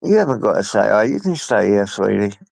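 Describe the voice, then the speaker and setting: A man's voice: on the low side, sing-song, a little fast, vocal fry, darkish tone, no room sound. A man chatting casually on a live stream from his phone, rambling and talking to his pets, with a blocked nose from a coming flu. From England. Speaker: livestreamer.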